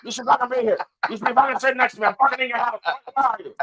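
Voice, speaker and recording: A man impersonating a loud, foul-mouthed older male wrestling manager who yells gruffly. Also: very high-pitched, completely flat delivery, rapid-fire, pitched above the performer's own voice. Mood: shouting. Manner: yelling, gruff.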